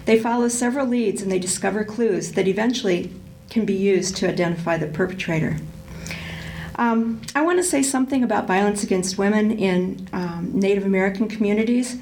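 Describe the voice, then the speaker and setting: A woman's voice: mid-range voice, fairly quick, darkish tone, a little hiss or hum, low-quality recording. A woman reading from a novel aloud and then talking it over thoughtfully, with frequent ums and restarts. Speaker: book discussion presenter.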